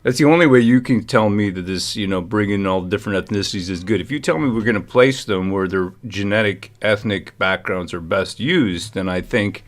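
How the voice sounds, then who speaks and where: Rambling man who laughs a lot. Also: lowish voice. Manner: rambling, laughs often, reads chat. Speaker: livestream co-host. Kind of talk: casual livestream commentary.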